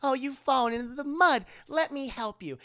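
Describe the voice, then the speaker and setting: A man's voice: extremely high pitch, normal speed, bright, forceful tone, pitched above the performer's own voice. A man doing a kind, confident young heroine. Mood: reassuring. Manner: soothing, reassuring.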